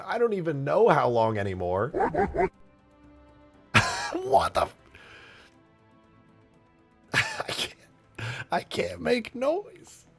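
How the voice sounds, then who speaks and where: A young man streaming his modding work, excitable and profane, with a strained, tired voice. His tone is gravelly with lots of vocal fry, and his pitch leaps up and down as he reacts. Soft music plays faintly underneath. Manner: excitable, swearing, laughing between lines. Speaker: streamer and game modder. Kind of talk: live stream, reading tips from chat.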